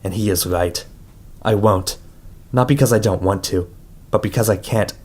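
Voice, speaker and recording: A man reading a first-person audiobook in a measured, somber way. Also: on the low side, darkish tone. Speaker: audiobook reader.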